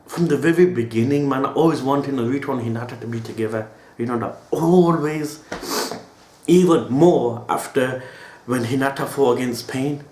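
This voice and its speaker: A man's voice: mid-range voice, normal speed, a little mellow, slight background noise. A man giving an emotional reaction monologue as an anime reaction host, talking in slang and tagging his lines with a casual "yo". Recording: roomy echo.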